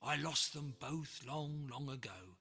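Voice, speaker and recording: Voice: mid-range voice, lively intonation, slow pace, bright, forceful tone, slightly rough, pitched below the performer's own voice, exaggerated voice. A storybook reader voicing an old pirate captain who hems and haws. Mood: hesitant. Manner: hesitant, with fillers. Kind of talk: storybook read-aloud. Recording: long reverb, faint music behind.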